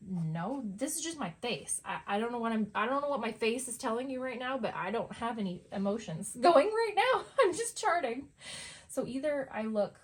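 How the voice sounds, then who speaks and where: A woman's voice: a little high, animated, moderate pace. Woman, middle-aged, art vlogger, casual rambling chat, frequent laughter, at home. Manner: chatty, laughs often, rambling with fillers. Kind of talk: casual chat over painting.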